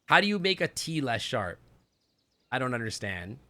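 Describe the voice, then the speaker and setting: A man with a Canadian accent chatting loosely through a live game stream, rambling and thinking out loud. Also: mid-range voice, big pitch swings, normal speed.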